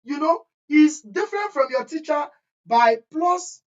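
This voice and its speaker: Lady teaching chemistry online, repeats herself a lot, slightly high voice, dull lo-fi sound. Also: animated, measured pace. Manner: repetitive, emphatic, checks understanding often. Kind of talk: online exam-prep lesson. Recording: dull lo-fi audio.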